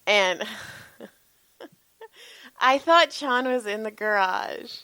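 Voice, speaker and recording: Woman, 40s, casual podcast storytelling, animated, laughing, swearing, tired, dry sound. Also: on the high side, drawn-out words, clear, resonant tone, dry recording. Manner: animated, laughing, swearing freely, acts out quotes. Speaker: podcast co-host, massage therapist.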